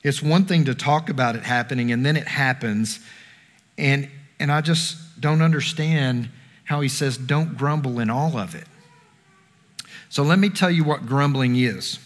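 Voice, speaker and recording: A man's voice: medium pitch, a little slow. A man preaching a conversational sermon, asking the congregation questions. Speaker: pastor. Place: church sanctuary. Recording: long reverb of a hall.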